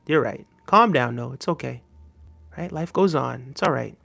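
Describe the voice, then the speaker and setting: A man's voice: mid-range voice, animated, normal speed, creaky, sharp tone. A man hosting a podcast livestream, talking casually and teasingly to his chat, often tagging on "right?" and chuckling. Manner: conversational, teasing, frequent "right?" asides, chuckling. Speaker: podcast host reading live chat.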